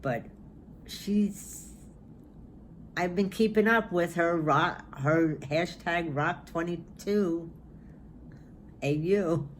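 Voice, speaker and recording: Woman, 60s, vlog host; slow, meandering casual talk, light background noise. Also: on the low side. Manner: rambling, musing aloud. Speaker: knitting vlogger. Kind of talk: casual chat.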